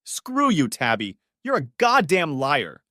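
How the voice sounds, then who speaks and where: Figure: betrayed young husband, acted by a man. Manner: shouting, accusing. Pitch: lively. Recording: dry. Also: slow, no room sound, heavily acted. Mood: furious.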